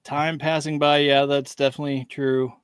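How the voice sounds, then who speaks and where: A man's voice: a little high, level tone, moderate pace, smooth, dry recording, studio quality. A man co-hosting a podcast in casual chat, rambling along, laughing often and acting out lines he quotes. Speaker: podcast co-host.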